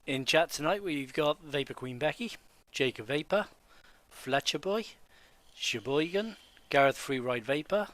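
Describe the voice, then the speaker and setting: A man's voice: on the high side, a little slow, no echo. A man co-hosting a stream, steadily reading out a list of viewer names. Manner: steady listing, brief laughs.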